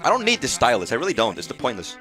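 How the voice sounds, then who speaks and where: A man's voice: mid-range voice, huge pitch swings, racing, bright, forceful tone, faint music behind. A man giving casual, profane, rambling commentary while streaming a video game live. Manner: rambling, profane, restarts phrases.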